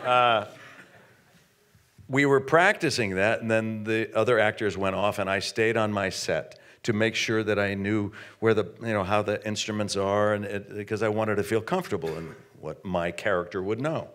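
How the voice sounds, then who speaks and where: A man's voice: on the low side, normal speed, fairly bright tone. A man, a guest, telling an anecdote with stammering restarts and acted-out quotes. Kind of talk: anecdote storytelling.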